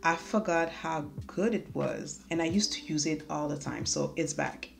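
A woman's voice: sits low, animated, measured pace, vocal fry. A young woman, talking casually and joking at herself as she does a makeup tutorial at home. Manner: chatty, self-mocking, talks while doing makeup. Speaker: beauty vlogger. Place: home room. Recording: faint music underneath.

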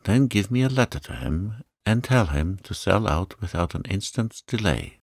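A man's voice: fairly low pitch, lively intonation, normal speed, vocal fry, a little mellow, no room sound, clean studio sound, voice pushed up. A man reading the part of a grave young prosecutor who speaks with urgent, guarded seriousness. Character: stern male prosecutor, urgent and secretive.

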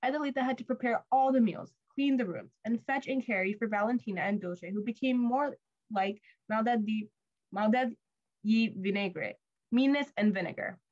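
A woman reading a storybook aloud to children, with clear, expressive storytelling. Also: fairly high pitch, normal speed, highs cut off. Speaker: storybook reader.

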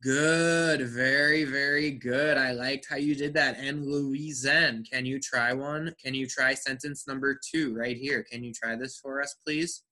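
A man teaching an online English pronunciation class, speaking slowly and carefully and praising students. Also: mid-range voice, fairly even intonation, pushed and bright. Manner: slow, careful enunciation with encouraging feedback.

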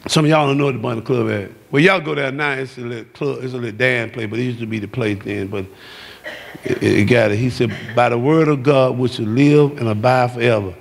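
A man preaching a sermon, shouting and calling out to the congregation in a church. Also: mid-range voice, fairly even intonation, brisk, vocal fry. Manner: shouting, exuberant preaching with call-outs to the congregation. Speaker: pastor. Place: church sanctuary. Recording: long hall reverb.

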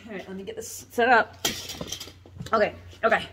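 A woman in her thirties who makes corsets, chatting casually as she shows pieces in her workshop, animated and self-mocking. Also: medium pitch, normal speed, background noise. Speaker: corset maker showing her collection. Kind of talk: casual product showcase vlog. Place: workshop under a tin roof.

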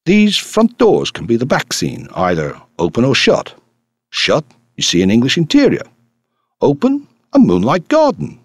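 A boisterous, rough-kind Canadian farmer in an audiobook, as a male reader puts him on, his voice bounding all over in pitch. The tone is low and husky, close and dry. He talks eagerly, as if ready to leap up. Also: wildly swooping pitch, a little slow, no room sound, heavily acted. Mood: jovial.

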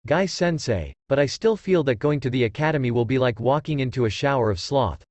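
A proud, insistent boy ninja , as a man reading the story puts him on. His voice rises and falls in a lively way. The sound is dry and close. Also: mid-range voice, fairly quick, dry recording, lightly acted.

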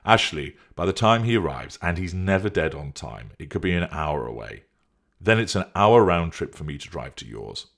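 A man's voice: low-pitched, big pitch swings, normal speed, creaky, fairly bright tone, heavily acted. A man voicing a patient man who reasons with and refuses a demanding woman. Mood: firm refusal.

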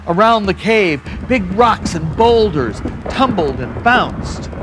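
A man reading his own picture book aloud, animated and expressive. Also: high-pitched, takes it slowly, background noise. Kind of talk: storybook read-aloud.

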